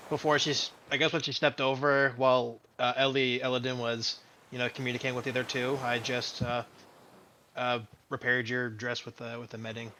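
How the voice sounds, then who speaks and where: A man with a mid-pitched voice plays in a tabletop game session. He talks casually and offhandedly, with a faint background hiss. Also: level tone, a little fast, bright, forceful tone. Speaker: player. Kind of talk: casual tabletop role-play.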